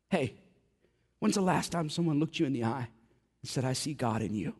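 A man's voice: medium pitch, normal speed, darkish tone, big-room sound. A man preaching a sermon in a church, impassioned and direct, with a joking aside now and then. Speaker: pastor. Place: church sanctuary.

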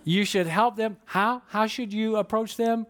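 A man's voice: high-pitched, steady tone, a little slow, fairly bright tone. A man preaching a sermon, telling stories with acted-out quotes and light humor. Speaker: pastor.

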